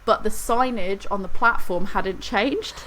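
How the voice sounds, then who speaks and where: A woman's voice: medium pitch, measured pace, a bit bright, poor audio. A woman, co-hosting a podcast and telling a rambling story in casual chat. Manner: rambling storyteller, laughs through anecdotes. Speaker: podcast co-host.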